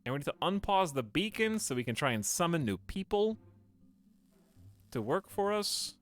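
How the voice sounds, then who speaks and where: A man's voice: fairly high pitch, very animated, moderate pace, faint music behind. A man streaming a game live, rambling casually to his chat as he plays. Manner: rambling, talks to chat while playing.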